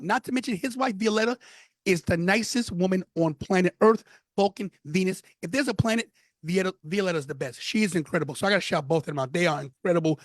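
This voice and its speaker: Man, 50s, New York accent, emphatic, repeats himself, slightly raised pitch. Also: no room sound. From Brooklyn, New York. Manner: animated, emphatic storytelling with repeated phrases. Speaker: podcast guest, former wrestler. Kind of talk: casual interview chat.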